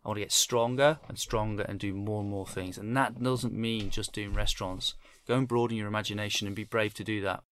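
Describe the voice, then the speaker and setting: A man's voice: lowish voice, fairly even intonation, a little fast, few pauses, fairly bright tone, clean tone. A man, a chef speaking candidly and reflectively as a podcast guest. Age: 50s. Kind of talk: podcast interview.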